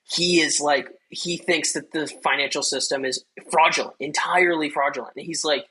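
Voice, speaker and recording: A man chats loosely about a film on a podcast, his voice forceful and bright with a husky edge. He rambles through plenty of fillers and breaks into acted-out quotes. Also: on the high side, fairly even intonation, normal speed, few pauses, low-quality recording. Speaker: podcast host. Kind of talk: casual film review chat.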